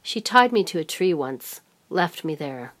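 A woman voicing a meek, quiet younger sister who speaks in a soft, subdued way. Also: low-pitched, sing-song, unhurried, heavily acted. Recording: music playing underneath.

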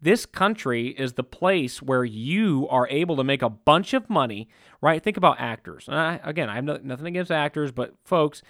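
Here a man with a voice on the high side preaches casually at a moderate pace, chatting his way through the sermon. He acts out small scenes and quotes, restarting and repeating himself frequently. The sound is clean studio audio without echo.

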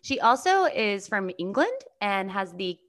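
A woman's voice: mid-range voice, sing-song, a little slow, fairly bright tone. A woman hosting a casual podcast interview, chatty and enthusiastic. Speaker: podcast host.

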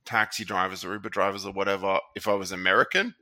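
A man's voice: deep voice, fairly even intonation, fast, pushed and bright. A man with an Australian accent chatting casually and animatedly, repeating words as he gets going. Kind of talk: casual podcast chat.

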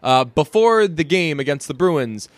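A man's voice: fairly high pitch, animated, measured pace, dry recording. A young man from the Boston area with a faint Boston accent, ranting in casual sports talk as podcast co-host, swearing freely. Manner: profane, ranting, emphatic.

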